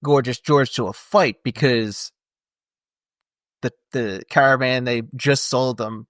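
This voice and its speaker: A man with an ordinary mid-range voice chats casually about a film, getting animated and laughing as he recaps scenes. The recording is dry and close-miked. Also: medium pitch, slow, no echo. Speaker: podcast co-host. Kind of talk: casual movie review chat.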